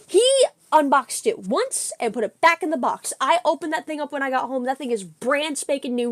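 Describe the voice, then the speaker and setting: A young woman streamer chatting casually with her viewers, telling a story in an excitable, giggly way. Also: high voice, no echo. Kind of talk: casual livestream chat with viewers.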